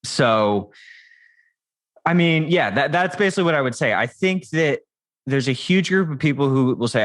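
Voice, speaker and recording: Speaking as a guest on a relaxed podcast, this male tech founder has a voice on the high side and sounds animated at a moderate speed. His loose talk is full of restarts and filler words.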